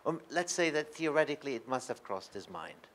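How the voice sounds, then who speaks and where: A man's voice: mid-range voice, very animated, fairly quick, fairly bright tone. Man probing with questions on a panel. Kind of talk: academic panel discussion.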